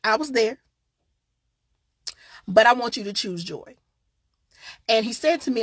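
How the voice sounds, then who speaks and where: A woman with a gravelly, slightly husky voice hosts a casual live online show. She talks frankly and warmly straight to her viewers. The sound is close and dry. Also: a little high, animated, measured pace, pauses often, dry recording.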